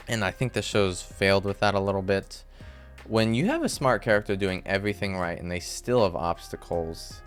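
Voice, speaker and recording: A young man casually reviewing a TV episode, rambling with lots of fillers and sudden exasperated outbursts. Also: sits low. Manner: rambling, frequent "like" and "I guess"; quick jumps to exasperated outbursts. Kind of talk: casual solo commentary.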